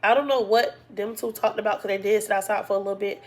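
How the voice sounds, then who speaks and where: A woman casually telling viewers a personal story in an animated, colloquial way, using "y'all" and "like" a lot. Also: medium pitch, quick pace. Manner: animated, acts out quoted dialogue, heavy use of "like". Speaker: storytime vlogger.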